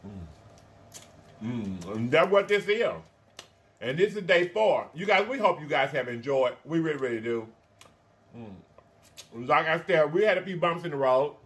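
A man's voice: a little high, very animated, normal speed, long pauses, fairly bright tone. A man hosting a mukbang vlog, chatting casually to viewers while eating, calling them y'all and honey, with frequent mm sounds between bites. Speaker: mukbang vlogger.

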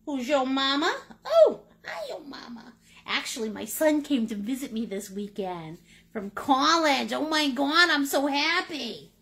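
Sitting high in pitch, her bright, forceful voice carries lively intonation at a slightly slow pace. The middle-aged painting instructor from Maine, United States, guides a live paint-along class with chatty playfulness, pet names, and silly sound words.

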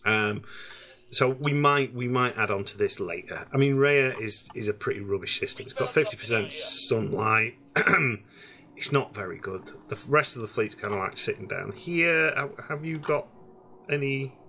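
Chatty gamer, bright voice. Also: male voice, medium pitch, normal speed, a little hiss or hum. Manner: rambling, hesitant, chatty. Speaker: gaming streamer. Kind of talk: casual let's-play commentary.

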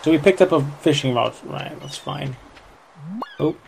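A man's voice: fairly high pitch, moderate pace, vocal fry, a little hiss or hum. A man co-hosting a game stream, chatting loosely and greeting viewers. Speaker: co-host of a gaming stream. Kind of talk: casual let's-play chat.

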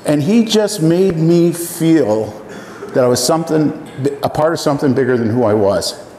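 A man in his seventies, from Iowa, telling folksy personal stories to an audience, often pausing with "uh.". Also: a little high, expressive, dark tone. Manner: folksy, halting with many fillers. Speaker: speaker. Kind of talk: storytelling talk to an audience. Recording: echoey hall, faint room noise.

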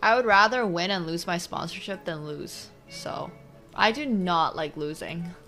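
A woman streaming her online chess games, talking through the moves and swinging from quiet muttering to loud outbursts. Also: on the low side, unhurried, faint music behind. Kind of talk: live commentary while playing online chess.

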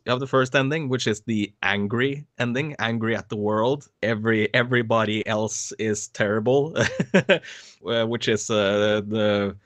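A man's voice: mid-range voice, a bit bright, no room sound. A man being interviewed about his voice acting work, talking casually with many hesitant fillers and frequent laughs. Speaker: voice actor guest.

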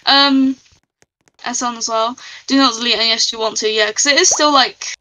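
High, bright-voiced giggly woman streamer. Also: steady tone, normal speed, rough recording. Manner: chatty, giggly, reads out chat. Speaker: live streamer. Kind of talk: casual live-stream chat while gaming.

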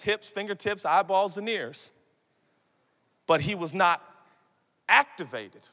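Male pastor, 30s, high bright voice, animated stage sermon with shouts and hushed asides. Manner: animated, shifts from loud shouts to soft asides, acts out quoted voices. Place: large conference hall. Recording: long hall reverb.

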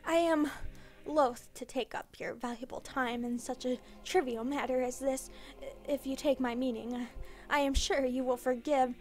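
A woman voicing a frightened, fawning gentleman father who stammers and hesitates. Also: high-pitched, fairly even intonation, measured pace, few pauses, soft background music. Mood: nervous.

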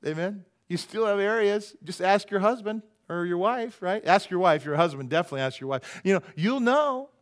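A man, a pastor, preaching a casual, joking sermon in a church and acting out quoted voices with big jumps in pitch. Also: lively intonation, a little fast, few pauses. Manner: joking and conversational, teases the audience. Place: church sanctuary.

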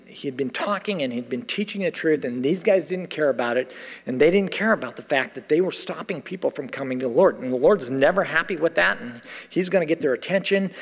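A man's voice: a little high, slightly rough, long reverb tail. A middle-aged American man preaching a sermon as pastor, telling stories animatedly and acting out the voices of the people in them. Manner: animated storytelling, acting out quoted voices with laughs. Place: church sanctuary.

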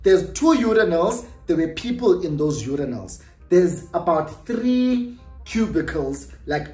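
Gossipy South African storyteller, roomy sound. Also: mid-range voice. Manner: animated gossipy storytelling, mixing in Xhosa phrases, tag questions. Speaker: YouTuber. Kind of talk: storytime vlog. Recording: roomy echo with faint music.

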